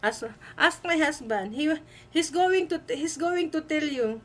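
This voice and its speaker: Woman host, high voice, slow emphatic delivery, light noise behind. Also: lively intonation, fairly bright tone, soft background music, rough recording. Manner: emphatic, repeats herself, halting with fillers. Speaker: livestream host. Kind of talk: live-stream commentary.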